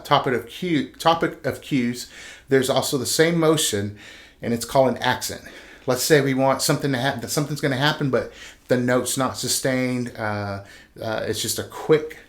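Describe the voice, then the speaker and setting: A man's voice: medium pitch, normal speed. Man counting beats while teaching conducting. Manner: encouraging, casual teacher talk with fillers. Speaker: band director teaching conducting. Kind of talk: instructional video lesson.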